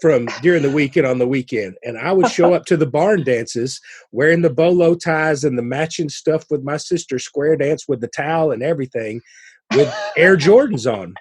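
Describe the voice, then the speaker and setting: A man co-hosting a podcast, telling stories in a casual, animated way with playful asides. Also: a little high, normal speed, breathy edge, no echo. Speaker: podcast co-host.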